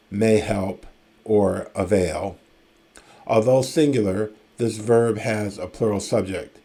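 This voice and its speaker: Male classics lecturer, deep-ish voice, very slow, measured reading of ancient verse. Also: dark tone. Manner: measured, reads verse aloud slowly, with casual asides and fillers. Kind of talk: recorded lecture reading and explaining ancient Greek.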